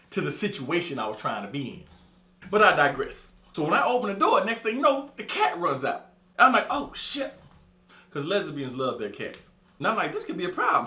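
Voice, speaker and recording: Telling a crude, funny story as a monologue, a man from California voices each character with animated energy. He has a fairly high pitch, and the room around him echoes.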